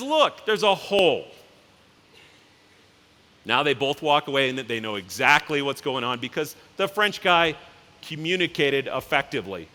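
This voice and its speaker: A man's voice: a little high, pushed and bright. A man, a company CEO, giving a casual conference keynote and acting out characters in his stories. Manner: casual, anecdotal, acts out the characters in quick voices. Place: large conference hall. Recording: reverberant hall.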